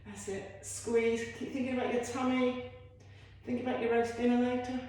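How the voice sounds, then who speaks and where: A woman's voice: fairly high pitch, completely flat delivery, moderate pace, darkish tone. A woman leading a home workout as a fitness instructor, chatty and encouraging with self-deprecating asides. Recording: very echoey room.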